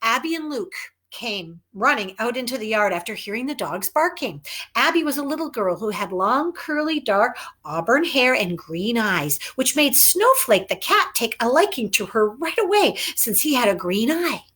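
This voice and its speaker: A woman author reading her own children's book aloud in an animated, emphatic, chatty way. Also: a little high, normal speed. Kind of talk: children's storytelling.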